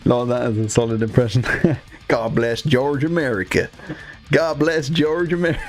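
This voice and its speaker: A man's voice: lowish voice, gravelly, darkish tone, breathy edge. A man hosting a live stream, chatting casually to viewers while painting miniatures. He rambles loosely and swears freely as he talks. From Scotland.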